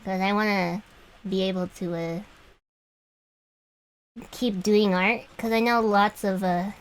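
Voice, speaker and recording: A woman's voice: medium pitch, slight background noise, low-quality recording. A young woman streamer chatting casually with viewers while she draws, rambling and laughing often. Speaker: vtuber streamer.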